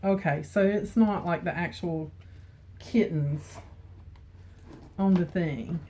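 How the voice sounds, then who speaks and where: Middle-aged woman, beauty vlogger, casual and emotional, a bit low-pitched, home camera mic. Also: takes it slowly, warm tone, a little hiss or hum. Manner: chatty, emotional, laughs often. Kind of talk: casual chat. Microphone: camera mic with ring light.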